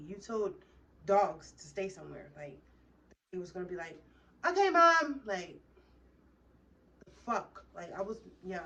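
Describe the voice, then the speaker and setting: A woman's voice: medium pitch, muffled recording. A young woman vlogger tells a heated, rambling, profane story in a casual way. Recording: distant mic with faint background noise.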